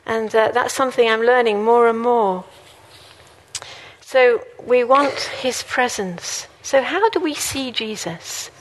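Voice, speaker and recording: A woman's voice: a little high, takes it slowly, slight background noise. A woman preaching a sermon in an earnest, conversational way, mixing in personal stories. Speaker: guest preacher.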